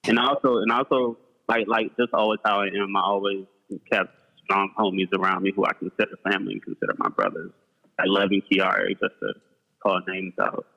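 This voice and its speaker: A man's voice: low-pitched, expressive, fairly quick, vocal fry, pushed and bright, muffled recording. A man calling in as a guest for casual chat, laid-back and slangy, often repeating words as he gets going. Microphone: call-in remote audio.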